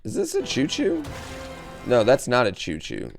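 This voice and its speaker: Gravelly streamer guy rambling to chat, voice jumps all over, swears a lot. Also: mid-range voice, faint music behind. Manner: animated, chatty, swears, quick asides to chat. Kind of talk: casual live-stream chat.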